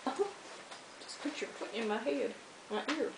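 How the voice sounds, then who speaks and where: A woman's voice: on the high side, moderate pace. A woman chatting at home in a casual video, cooing at her pet iguanas in baby talk. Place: home living room. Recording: roomy home recording with hiss.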